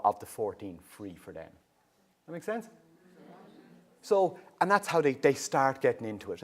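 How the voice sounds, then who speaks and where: A middle-aged Irish man with a fairly low voice gives a public awareness talk on youth drug use. He explains in a lively, conversational way and keeps checking that the listeners follow him. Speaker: youth drug and alcohol service worker.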